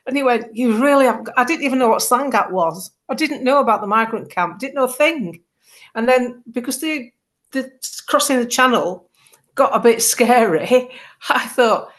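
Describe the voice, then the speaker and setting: Middle-aged woman, guest on a talk show, lively storyteller who acts out every quote. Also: a little high, normal speed. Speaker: political campaigner, guest. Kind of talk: casual chat.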